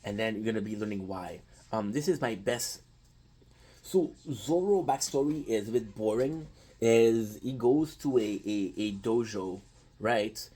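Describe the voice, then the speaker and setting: A man's voice: on the low side, measured pace, mellow, slightly rough, rough recording. A man casually retelling an anime story, with lots of restarts and offhand swearing. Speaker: anime commentator.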